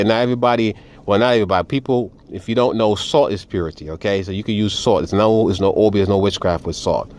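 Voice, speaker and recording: A man with a low voice tells a personal story to his viewers. He talks in an animated, profane way and keeps addressing them as "family.". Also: fast talker. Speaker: vlogger.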